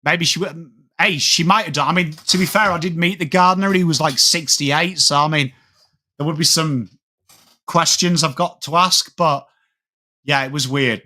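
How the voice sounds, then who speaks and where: A man's voice: fairly high pitch, moderate pace, sharp tone. A man in his thirties with a Yorkshire accent, hosting a live sports watchalong and chatting with viewers as he answers their comments. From England. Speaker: livestream host.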